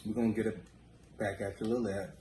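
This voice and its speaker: A man's voice: on the low side, little pitch movement, rapid-fire, reverberant, heavy background noise. A man chatting playfully while tasting food on camera, laid-back with casual slang. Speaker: co-host.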